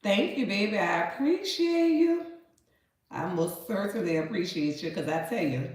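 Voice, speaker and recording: In a very echoey kitchen, a woman cleans and cooks meat while chatting to her viewers, folksy and talkative, with plenty of "baby" and "honey." Her nasal voice is fairly low, a little fast, and a little mellow.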